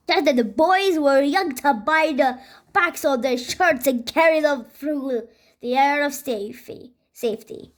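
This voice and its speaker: A woman reads a children's book aloud in a high voice, going slowly. She stumbles and restarts words now and then. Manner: halting, with slips and restarts. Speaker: reader.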